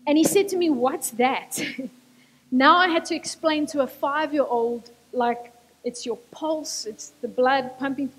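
A woman's voice: high-pitched, measured pace. A woman preaching a sermon, earnest and repeating key lines for emphasis. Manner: earnest, repetitive emphasis, switches into Afrikaans. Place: church hall. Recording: church hall with long reverb.

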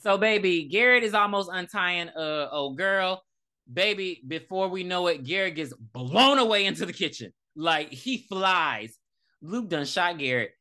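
A woman in casual podcast chat, recapping a film with profane, dramatic storytelling. Her voice is bright and ranges widely in pitch, sitting slightly low for a woman. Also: measured pace. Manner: animated, profane storytelling with dramatic quoted lines. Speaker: podcast co-host. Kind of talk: casual movie review chat.

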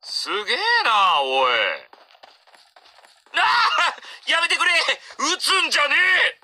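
An actor playing a rough young male soldier teammate in a shooter game, talking gruff slangy street talk and stammering when he panics. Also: very high-pitched, wildly swooping pitch, moderate pace, pushed and bright, full character voice. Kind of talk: game voice lines.

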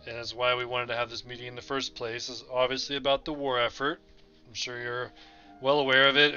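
A man's voice: mid-range voice, pushed and bright, highs cut off. A man playing a tabletop game, talking casually while bargaining in character. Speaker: player. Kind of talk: casual tabletop role-play.

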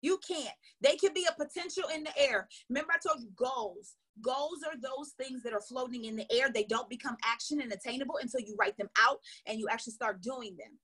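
A woman sales coach giving an energetic, emphatic motivational training talk. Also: high voice, a little fast, hardly any pauses, slightly rough. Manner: energetic, emphatic, acts out little dialogues.

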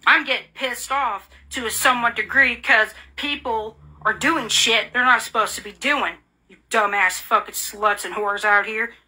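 A woman's voice: on the high side, fairly even intonation, normal speed, sharp tone. Furious, profane woman ranting. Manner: furious, profane, repetitive insults; bitter, accusing. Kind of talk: angry rant.

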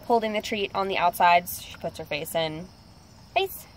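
A woman casually showing how she trains her dog, upbeat, with high excited bursts of praise. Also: normal speed, slight background noise. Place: outdoors near a street.

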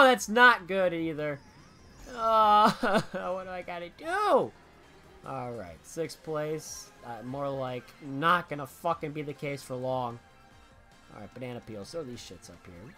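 A young male streamer gives running commentary over a racing game. His voice is bright and forward, and it swings from low muttering to loud, swearing outbursts. Faint game music plays behind him. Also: animated, measured pace. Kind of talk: live gameplay commentary.

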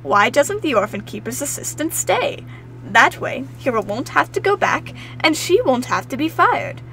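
A woman voicing a kind, wise elderly caretaker who speaks in a gentle, knowing way. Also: high-pitched, big pitch swings, normal speed, soft background music, exaggerated voice, poor audio.

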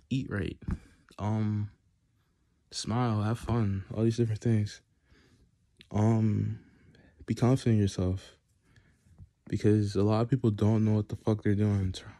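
A man's voice: fairly low pitch, mellow, dry recording, studio quality. A young man vlogging a casual monologue, rambling with many fillers and swearing as he rants. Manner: profane, ranting, filler-heavy.

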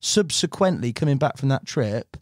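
Lively, matey English podcast host. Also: male voice, mid-range voice, normal speed, no room sound, clean studio sound. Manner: matey, jokey, lots of "mate". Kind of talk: casual podcast chat. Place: podcast studio.

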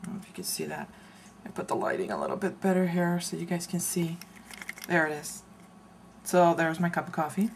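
Woman, low voice, gravelly texture, relaxed craft show-and-tell, meandering, searching for words. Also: a little hiss or hum. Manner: chatty, meandering, often pauses to search for words. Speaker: paper crafter showing a handmade mini album.

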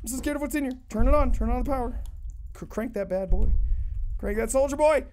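A woman streaming a horror game, commenting nonstop in a panicky, swearing way that swings from low mutters to sudden screams. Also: fast talker, dark tone, slight background noise.

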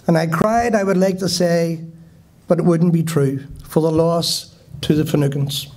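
A Northern Irish man addresses a memorial gathering, heartfelt and plain-spoken. His voice sits somewhat high for a man, with small restarts as he speaks. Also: a little mellow. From Northern Ireland. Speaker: event speaker. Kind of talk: public address at a memorial event.

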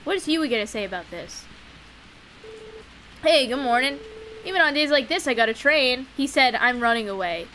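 A young woman streaming a farming game, giggling and chatting playfully, putting on quick voices for the characters. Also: high-pitched, expressive, bright, forceful tone, slight background noise. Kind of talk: live gameplay commentary. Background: faint game music.

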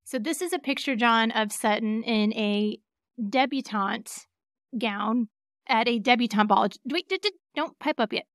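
A woman's voice: on the high side, measured pace, no echo, studio quality. Chatty woman host with a faint Southern lilt. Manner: chatty, laughs easily, reins in her co-host. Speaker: podcast host and attorney. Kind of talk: casual podcast chat.

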